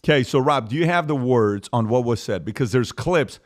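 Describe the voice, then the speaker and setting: A man's voice: medium pitch, expressive, normal speed. Man hosting a casual panel talk. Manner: directs the producer, tosses topics to the panel. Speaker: podcast host.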